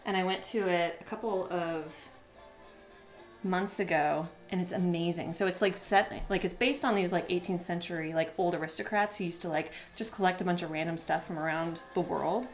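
A woman's voice: fairly low pitch, fairly even intonation, normal speed, faint music behind. A woman chatting casually while demonstrating a craft on a live stream, giggly and full of "like" fillers.

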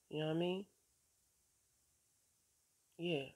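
A woman's voice: fairly low pitch, flat delivery, unhurried, pauses often, darkish tone. A woman talking in a casual faith-filled vlog, laid-back and streetwise, swearing casually and encouraging viewers while often repeating "you know what I'm saying.". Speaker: vlogger.

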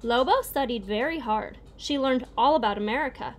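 A woman reading a children's picture book aloud in a steady, clear storytelling way. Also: a little high, normal speed, few pauses, a little hiss or hum. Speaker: reader.

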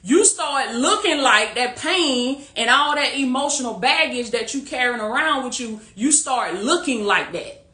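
On her livestream, a faith-based life coach rallies viewers with a casual pep talk, her bright, high voice animated but unhurried. The sound is reverberant, picked up by a phone or webcam. She comes across as preachy and warm-hearted, repetitive, and quick to laugh.

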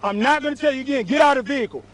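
A male police officer shouting stern, repeated commands at a driver during an arrest, recorded outdoors on a body camera. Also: very high voice, rapid-fire, poor audio. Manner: forceful, repetitive, stern. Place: outdoors on a street by a stopped car. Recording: body camera audio with background noise.

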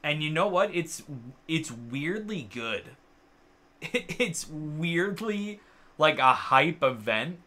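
Bright-voiced man in rambling gaming chat. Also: on the high side, unhurried. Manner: rambling and filler-heavy, lots of uh and like; excitable, swears freely. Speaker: co-host of a gaming channel. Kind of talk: casual chat while playing games.

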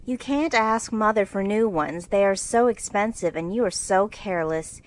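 A woman's voice: medium pitch, lively intonation, moderate pace, close to an everyday voice, poor audio. A woman voicing a fussy, girlish teenage older sister in a storybook reading, in a raised, eager and fretful way.

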